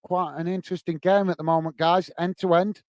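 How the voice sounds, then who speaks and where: A man's voice: sits high, little pitch movement, a little fast, darkish tone, no room sound. A man hosting a football watch-along stream, giving friendly play-by-play and chatting with viewers as he goes. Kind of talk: live match commentary while greeting chat viewers.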